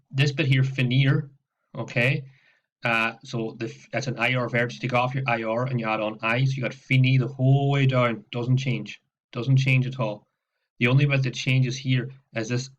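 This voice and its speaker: A man teaching French in a steady, mid-range voice. He explains patiently, repeats himself and keeps checking in with his students. The recording comes through a laptop mic with a slightly muffled, lo-fi sound. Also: mid-range voice. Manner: explains patiently with frequent "okay" and repetitions. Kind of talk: recorded classroom lesson walkthrough. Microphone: laptop microphone.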